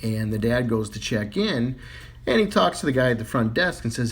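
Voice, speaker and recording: A man tells jokes in a loose, casual way. His setups are relaxed and conversational, with the odd filler as he goes. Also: mid-range voice, moderate pace, breathy edge. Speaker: joke teller. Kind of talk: casual joke telling.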